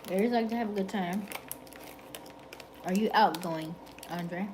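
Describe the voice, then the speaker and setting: A woman in her late thirties hosting a livestream, talking with viewers in a calm, methodical, relaxed way. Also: mid-range voice, noisy background. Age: 30s. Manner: calm, methodical, unhurried delivery. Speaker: livestream host.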